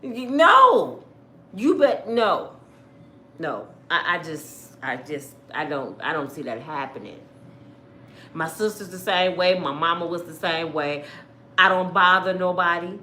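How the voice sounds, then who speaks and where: A woman from Michigan who hosts a livestream and tells her own stories to viewers in a blunt, animated, outspoken way. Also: fairly low pitch, a little slow, reverberant, a little hiss or hum. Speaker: livestream host. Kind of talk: casual storytelling to viewers.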